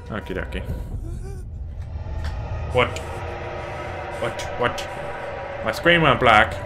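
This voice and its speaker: A man's voice: mid-range voice, animated, slow pace, pauses often, sharp tone, slight background noise. Jumpy, swearing man playing a horror game. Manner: profane, jumpy, talks to game objects. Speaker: gamer. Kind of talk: horror let's play commentary.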